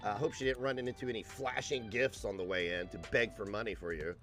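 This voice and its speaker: A man's voice: fairly low pitch, fairly even intonation, quick pace, a bit bright, soft background music. A man hosting a stream, giving sarcastic, mocking, profane commentary on video clips. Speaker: host.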